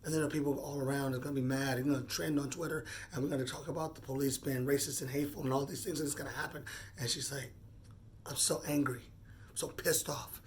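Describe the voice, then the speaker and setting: A man's voice: mid-range voice, steady tone, a little hiss or hum. Earnest man in his forties, thinking aloud. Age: 40s. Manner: earnest, halting, repeats words while thinking. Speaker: vlogger. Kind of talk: unscripted personal monologue.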